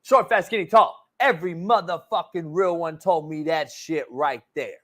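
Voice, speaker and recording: A man's voice: a little high, moderate pace, fairly bright tone. A man hosting a sports talk show, ranting in a brash, mocking way and swearing constantly. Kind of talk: profane casual rant.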